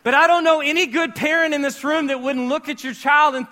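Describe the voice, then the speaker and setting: A man preaching a sermon to a live church audience, conversational and joking, quizzing the crowd, and rising to shouts on key words. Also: extremely high pitch, fairly even intonation, fairly quick, hardly any pauses. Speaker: pastor.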